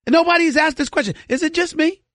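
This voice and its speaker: Talking fast in a very high, fairly bright voice, a middle-aged man hosts sports radio and delivers an opinionated, heated rant full of repeated words. He's forcing a strained, irritated voice following vocal cord surgery. The studio mic recording is dry and clean.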